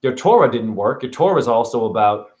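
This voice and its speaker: Brief: cursing spiritual vlogger man, lively high-ish voice, roomy sound. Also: a little fast. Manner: ranting, profane, sarcastic. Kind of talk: spiritual rant to camera.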